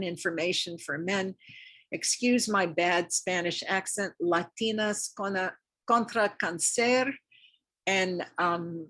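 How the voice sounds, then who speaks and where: An older woman gives a lymphedema lecture in a community center room, chatty and encouraging, often repeating points for emphasis. Her voice sits at medium pitch with a fairly bright tone and a breathy edge.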